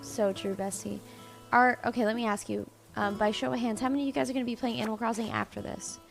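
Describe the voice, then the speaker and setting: A woman's voice: fairly high pitch, fairly even intonation, quick pace, vocal fry, soft background music. A woman streamer in casual chat with her viewers, playful, laughing and swearing freely.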